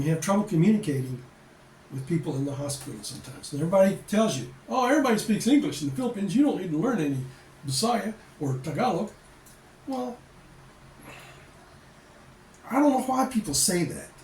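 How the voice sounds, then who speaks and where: A man's voice: a little high, a little mellow, recorded from a distance, a little hiss or hum. A man in his sixties from the United States giving casual, rambling advice to camera as an expat vlogger, plain-spoken and repeating himself. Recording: echoey room, voice away from the mic.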